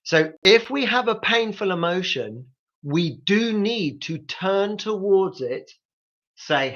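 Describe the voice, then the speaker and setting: Man, grief support host, animated intonation, coaching listeners directly, dull lo-fi live stream sound. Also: high voice, slow. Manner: coaching, speaks straight to listeners. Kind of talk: live advice talk.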